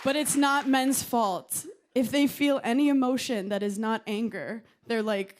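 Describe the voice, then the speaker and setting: A woman in her thirties doing a stand-up comedy set on a television studio stage, with a punchy deadpan delivery. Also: mid-range voice, normal speed, few pauses. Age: 30s. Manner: punchy deadpan delivery, acting out quoted voices.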